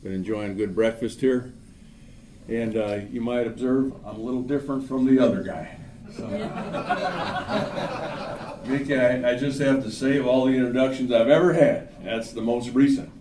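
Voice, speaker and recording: A man's voice: medium pitch, expressive, noisy background. Man speaking from far off in a roomy seminar hall. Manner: folksy joke-telling, then brisk sales explanation. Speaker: insurance company speaker at a seminar. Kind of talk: seminar talk with jokes. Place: seminar room at a breakfast event.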